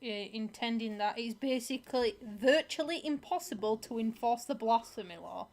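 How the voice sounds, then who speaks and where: A woman with a fairly high voice co-hosts a casual livestream. She explains things plainly, with a dry, matter-of-fact delivery. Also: moderate pace, a little mellow. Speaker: co-host, host's wife.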